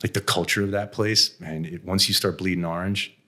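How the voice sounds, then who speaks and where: A middle-aged man from the United States with a very low voice tells stories from his working life. He talks bluntly and casually, mocking himself and laughing now and then. His manner is frank and conversational, with the odd swear word. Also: steady tone, a little fast, sharp tone. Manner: blunt, self-deprecating, laughs often, mild swearing. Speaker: interview guest, venture investor. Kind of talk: candid conversational storytelling.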